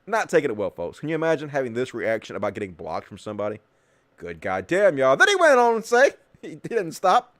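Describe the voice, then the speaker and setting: A man's voice: mid-range voice, huge pitch swings, a little fast, fairly bright tone, dry recording. A man hosting a political commentary show, talking in a sarcastic, mocking and profane way. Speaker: host.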